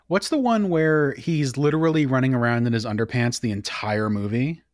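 Male podcast guest: mid-pitched voice, close dry mic, easy conversational tone. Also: normal speed, a little mellow, dry recording. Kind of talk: casual podcast chat.

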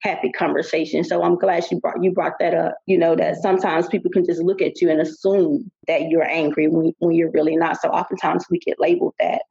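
Gravelly husky woman hosting a podcast. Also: low-pitched, level tone, a little fast, few pauses, warm tone. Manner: earnest, with repeated restarts. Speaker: podcast host. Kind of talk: podcast interview conversation. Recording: dull lo-fi sound.

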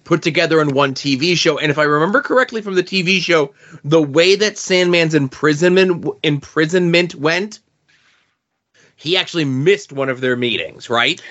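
A man's voice: a little high, moderate pace, a bit bright, lo-fi sound. A man chatting casually on a podcast about comics, with many fillers. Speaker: podcast co-host.

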